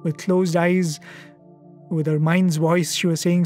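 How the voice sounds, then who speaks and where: A man giving a devotional storytelling talk, earnest and reflective, with soft hesitations. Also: a little high, little pitch movement, slow, faint music behind. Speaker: satsang speaker.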